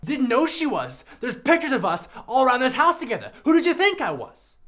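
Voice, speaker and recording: A man's voice: very high-pitched, wildly swooping pitch, brisk, exaggerated voice. A man playing a furious betrayed husband. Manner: narrates the scene, then shouts accusations. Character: young man playing a jealous, enraged husband. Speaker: friend acting out a crime scene.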